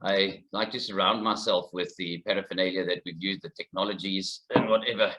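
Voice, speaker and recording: A man from South Africa giving a fast, informal conference presentation from a research facility. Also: deep voice, fairly even intonation, dull audio, heavy background noise. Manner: quick, informal, slightly rushed. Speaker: conservationist presenter.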